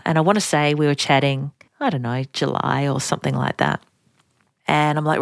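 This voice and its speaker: A woman's voice: deep voice, normal speed, creaky, no room sound. Chatty Australian woman podcaster, dry sound. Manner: chatty, self-deprecating, laughing at herself. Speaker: podcast host. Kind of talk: personal storytelling.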